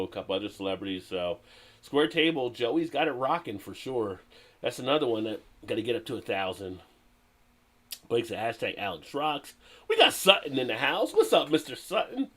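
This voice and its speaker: A man hosting a live stream in a casual chat. He reads viewer comments aloud, greets people and laughs often. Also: fairly low pitch.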